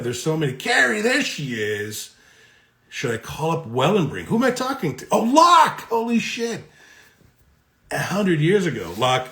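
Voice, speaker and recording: A man's voice: lowish voice, pushed and bright. Chatty middle-aged man with a New York accent. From Connecticut. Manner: chatty, friendly, reads comments aloud and answers them. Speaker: actor at a live autograph stream. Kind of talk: casual live-stream chat reading fan comments. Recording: roomy echo.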